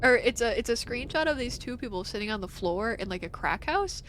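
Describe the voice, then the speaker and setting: Young woman game streamer, slightly high voice, giggles a lot, swears and teases chat. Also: expressive, fairly quick, fairly bright tone, a little hiss or hum. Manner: giggly, profane, teasing toward chat. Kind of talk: casual chat over gameplay.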